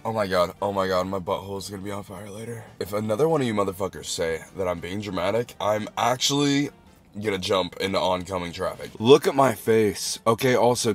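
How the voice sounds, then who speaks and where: A young man streaming live and talking while eating spicy food, with dramatic swearing, yelling in pain and low groaning.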